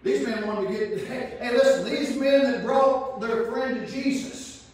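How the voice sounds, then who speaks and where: A man preaching a fervent revival sermon that repeats its phrases and builds to shouts. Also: extremely high pitch, a little slow. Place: church. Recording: very echoey, far from the mic.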